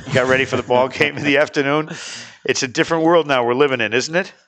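A man hosting a casual chat, jokey and animated, laughing often. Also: medium pitch, fast. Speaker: radio show host.

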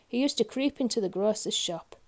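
A woman reading a children's picture book aloud, expressive and talking directly to young listeners. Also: medium pitch, a little fast. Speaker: storyteller. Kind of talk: children's story read-aloud.

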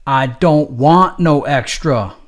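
A man's voice: mid-range voice, slow pace, lightly acted. A man voicing a groggy, broke ex-convict who argues in street slang. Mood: pleading. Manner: street slang, defensive, cursing. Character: groggy broke ex-con man, quick-tempered.

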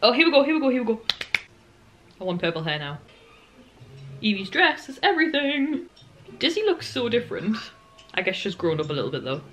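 A young woman vlogging at home in a rushed, gushing and excitable way. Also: mid-range voice. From United Kingdom. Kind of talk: casual vlog chat. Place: at home in a living room. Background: television audio.

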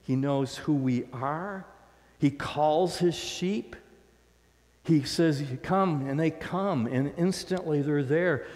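A man's voice: a little high, takes it slowly, a little mellow, big-room sound. A man preaching a sermon as pastor, in a conversational, storytelling way. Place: church sanctuary.

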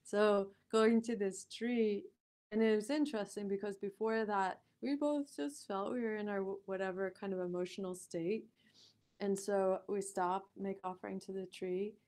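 Animated woman telling a story, laughing often. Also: mid-range voice, moderate pace. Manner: animated, laughs often, lots of "like" and "you know". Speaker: podcast guest. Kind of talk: conversational storytelling.

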